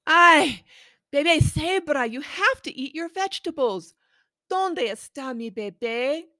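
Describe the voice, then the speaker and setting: A woman putting on a flustered picture-book animal parent who has lost track of its little one, calling out in a raised, lifted voice well above her usual register. The delivery is bright and exclaiming, pitched for a small child at a storybook reading, and carried in a dry, close sound. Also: unhurried, no echo, heavily acted. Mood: fretful. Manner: exclaiming, high and animated read-aloud voice. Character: fussing, worried animal parent hunting for its baby.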